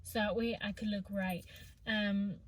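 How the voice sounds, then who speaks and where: A woman's voice: mid-range voice, little pitch movement, unhurried. A woman vlogger telling a casual storytime, chatty and rambling with lots of filler words.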